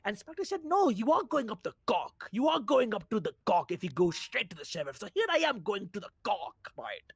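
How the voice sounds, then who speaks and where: Man playing a wounded complainer with a wobbly fake accent, breathy, swings wildly up and down. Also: high voice, big pitch swings, a little fast, few pauses, no echo, clean studio sound, exaggerated voice. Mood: aggrieved. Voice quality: slipping put-on accent. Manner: keeps saying "brother" and "right?", theatrical pleading. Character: aggrieved man filing a complaint, overdramatic. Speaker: role-play character. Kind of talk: game role-play.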